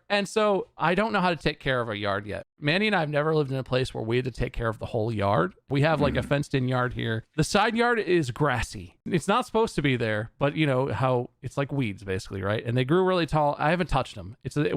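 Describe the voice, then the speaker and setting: A man's voice: medium pitch, dry recording, studio quality. A man hosting a podcast, telling an exasperated, sarcastic story in casual chat, swearing freely and laughing along the way. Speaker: podcast host.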